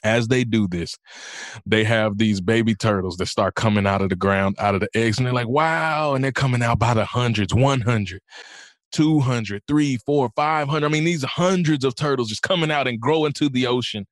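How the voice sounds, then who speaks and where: A man of mid-range pitch speaking in a dry, close-miked sound. He tells his story steadily, then climbs into a fervent, preacher-style call to his listeners. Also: moderate pace, no room sound. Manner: builds from calm storytelling to rising preacher-like exhortation. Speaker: podcast guest, inspirational speaker. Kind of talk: storytelling interview.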